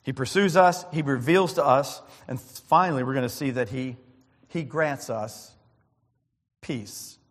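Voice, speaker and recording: A man preaching a sermon as pastor, emphatic and repetitive, swinging between loud and soft. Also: mid-range voice, a little slow, in a large hall. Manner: emphatic, repeats phrases, shifts loud and soft.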